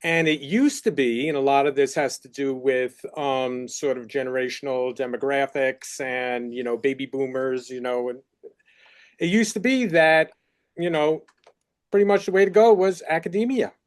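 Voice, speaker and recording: Man, new york accent, university panelist, chatty explaining, fillers, middle pitch. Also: normal speed. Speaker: faculty researcher panelist. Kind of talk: panel discussion.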